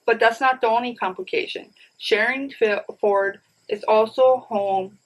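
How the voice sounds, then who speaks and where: A woman's voice: a little high, fairly even intonation, measured pace, low-quality recording. Chatty woman showing off a book haul. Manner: chatty and rambling, addresses viewers as "you guys". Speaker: book vlogger. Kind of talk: casual book haul chat.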